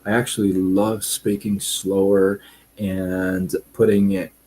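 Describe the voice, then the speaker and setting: A man hosts a casual live stream, reading viewer comments and speaking in a relaxed, deliberate manner with frequent fillers. His voice sits low and is slightly rough, and the audio is poor.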